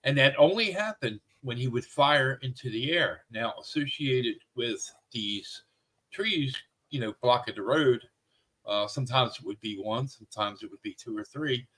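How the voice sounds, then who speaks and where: A man's voice: mid-range voice, normal speed, pushed and bright, low-quality recording. Man hosting a podcast, rambling speech. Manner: rambling, with many fillers. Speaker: podcast host. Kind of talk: casual chat.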